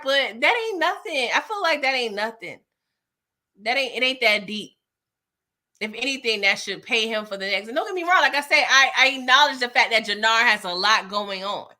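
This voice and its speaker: A young woman hosting a casual TV recap, talking straight to her viewers in a frustrated, animated way and reading out chat comments. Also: mid-range voice. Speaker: TV recap host.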